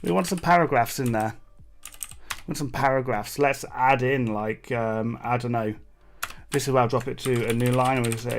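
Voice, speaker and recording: A man's voice: mid-range voice, moderate pace, a little hiss or hum. A man from Britain hosting a live coding stream, thinking aloud with plenty of fillers and asides to his chat. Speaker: livestream coding host. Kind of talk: casual live coding commentary. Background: keyboard typing.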